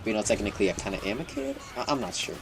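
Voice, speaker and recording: A man's voice: lowish voice, racing, faint music behind. A teenage boy vlogging, telling a childhood story in a rambling, profane way with laughs and restarts. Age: teens. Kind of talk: casual storytelling.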